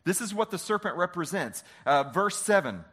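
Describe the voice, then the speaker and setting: A man preaching a sermon, animated and often asking the congregation questions. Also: high-pitched, normal speed, husky. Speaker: pastor.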